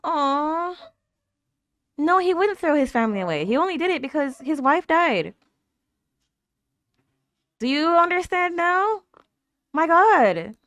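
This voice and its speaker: Female reaction host, chatty and animated, talks back at the screen; dry, close sound. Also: sits high, takes it slowly, pauses often, no echo. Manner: laughs often and coos at cute moments. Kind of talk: casual reaction commentary.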